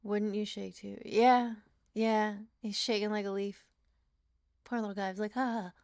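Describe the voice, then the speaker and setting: Young woman on a morning livestream, tired, gravelly voice, laughs and swears a lot. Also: mid-range voice, little pitch movement, measured pace, darkish tone, no echo, clean studio sound. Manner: chatty, laughing, swears casually. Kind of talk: casual livestream chat.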